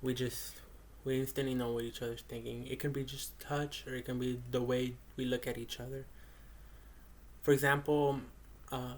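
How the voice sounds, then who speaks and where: A young man giving a casual spoken reflection, rambling with many fillers and restarts. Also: mid-range voice. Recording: faint background noise.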